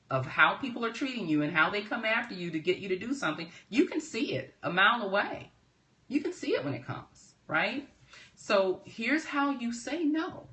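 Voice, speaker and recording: A woman with a somewhat low voice teaches on a live stream as a personal development trainer. She keeps it chatty and upbeat, laughs easily, and often checks in with her listeners. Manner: lively and chatty, often asks "right?" and laughs.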